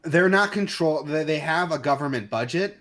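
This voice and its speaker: A man's voice: fairly high pitch, lively intonation, normal speed, a bit bright. A man co-hosting a podcast, ranting heatedly in casual chat with many restarts and fillers. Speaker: podcast co-host.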